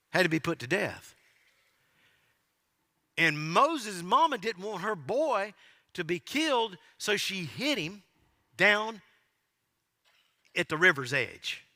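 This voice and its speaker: A pastor preaching a sermon in a church, telling the story in a folksy, joking way and asking the congregation questions. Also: male voice, sits high, sharp tone. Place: church sanctuary. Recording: long hall reverb.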